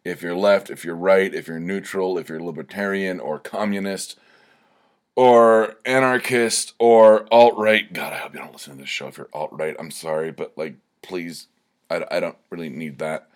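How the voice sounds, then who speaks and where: A man's voice: a bass voice, steady tone, brisk. A young man hosting his own podcast alone, rambling and swearing, tipsy and stammering as he gets worked up. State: slightly tipsy from drinking shots. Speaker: podcast host. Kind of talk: casual solo podcast monologue.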